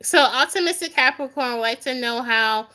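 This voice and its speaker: A woman's voice: sits high, moderate pace, pushed and bright. A young adult woman doing a live tarot reading, chatting with viewers by name in a goofy, easygoing way and laughing often. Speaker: tarot reader.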